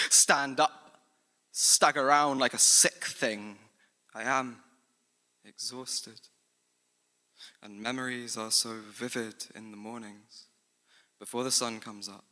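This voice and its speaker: Intense English man, sharp live poetry. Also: mid-range voice. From England. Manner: intense, rhythmic, incantatory delivery. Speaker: slam poet. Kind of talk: performed spoken-word poetry. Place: large hall venue, live on stage. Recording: live performance with long hall reverb.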